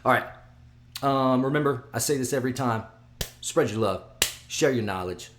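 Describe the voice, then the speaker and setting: A man hosting his own video, talking excitedly and rambling, with frequent restarts and sudden drops to a mutter. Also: mid-range voice, moderate pace, slight background noise. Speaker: vlog host giving fight picks. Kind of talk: casual solo video chat.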